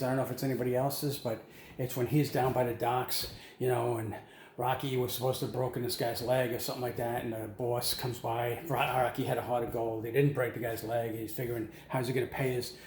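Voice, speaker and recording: A man's voice: medium pitch, a little mellow. Rambling man in an echoey room. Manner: rambling, many fillers, self-deprecating. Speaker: comic monologue host. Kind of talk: rambling comedic storytelling. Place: at home. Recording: echoey room with faint noise.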